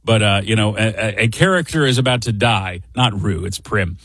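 A man's voice: lowish voice, normal speed, a bit bright, no room sound. A middle-aged man hosting a show, telling a casual story in a chatty, wry, self-deprecating way. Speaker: radio show host.

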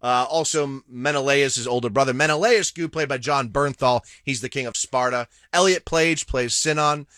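A man's voice: medium pitch, moderate pace, few pauses, fairly bright tone, no room sound, studio quality. A man co-hosting a radio podcast, chatting casually about a movie and stumbling a little over cast names. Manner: reads cast lists with hesitant name stumbles. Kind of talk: casual movie review chat.

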